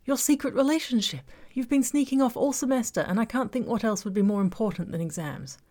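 A woman's voice: on the high side, brisk, warm tone, voice pushed up, natural voice. A woman reading as a nosy best friend. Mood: eager prying. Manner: eager, teasing, bossy. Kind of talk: audiobook character voice.

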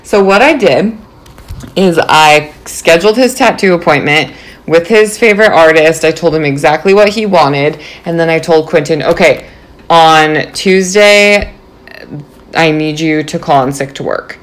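A young woman in her twenties, casually telling a story to her viewers in a bubbly, animated way, full of fillers like "like" and "um". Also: low-pitched, a little slow. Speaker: vlogger.

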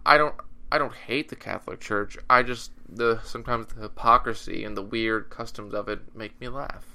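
A man co-hosts a casual chat in a bright, mid-pitched voice. His delivery is sarcastic and full of jokes. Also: fairly even intonation, normal speed. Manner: sarcastic and joking. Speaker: podcast co-host.

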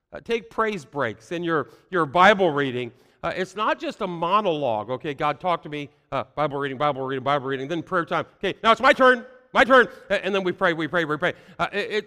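Male pastor, high voice, earnest sermon, repeats phrases, echoing hall. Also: a bit bright. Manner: earnest, many "uh" fillers, repeats key phrases.

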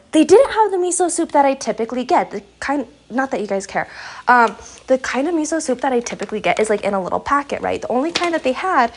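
Chatty, foul-mouthed young woman vlogger. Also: fairly high pitch. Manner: chatty, profane, self-deprecating. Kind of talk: casual rambling storytime while cooking. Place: home kitchen.

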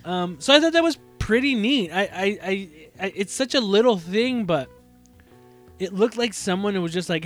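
A man's voice: sits high, expressive, moderate pace, soft background music. A man hosting a casual gaming chat, loose and swearing, acting out little exchanges as he goes. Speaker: podcast host.

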